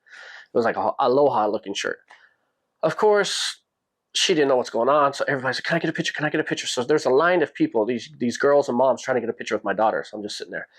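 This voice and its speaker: A man hosting a podcast, telling a personal story in a casual, animated way and jumping his pitch up when he quotes people. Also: quick pace. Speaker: podcast host.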